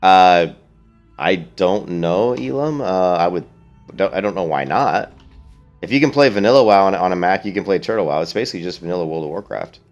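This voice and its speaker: A man's voice: low voice, expressive, brisk, highs cut off, faint music behind. A man streaming a video game, chatting casually with viewers and answering their questions in a blunt, opinionated way. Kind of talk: casual let's-play commentary.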